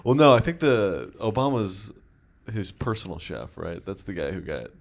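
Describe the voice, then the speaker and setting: A man with a deep voice co-hosts a comedy podcast in loose, casual banter. His delivery swings widely in pitch as he jokes around and laughs easily. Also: creaky. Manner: animated, jokey, quick to laugh. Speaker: podcast co-host.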